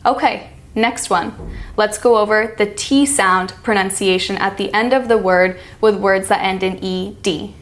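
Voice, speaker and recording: American lady doing a pronunciation lesson, slow and careful, repeats each word. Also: medium pitch. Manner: slow, demonstrating each sound. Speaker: accent coach.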